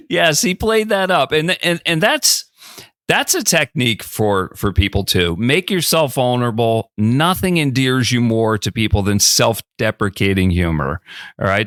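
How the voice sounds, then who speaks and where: A man in his fifties hosting an interview, telling stories in a relaxed, chatty way with frequent restarts. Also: mid-range voice, measured pace, no room sound, studio quality. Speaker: podcast host. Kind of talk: conversational interview storytelling.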